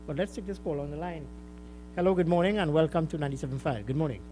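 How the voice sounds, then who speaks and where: A man's voice: a little high, fast talker, mellow, soft background music, low-quality recording. A man with a Trinidadian accent hosting a call-in radio show, stressing and repeating key points. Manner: emphatic, repeats key words to stress them.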